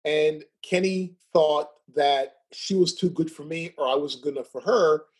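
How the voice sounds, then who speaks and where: A man's voice: on the high side, moderate pace, husky. A man telling stories as a guest in a casual chat, who laughs often, keeps asking "right?" and stutters at times. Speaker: podcast guest.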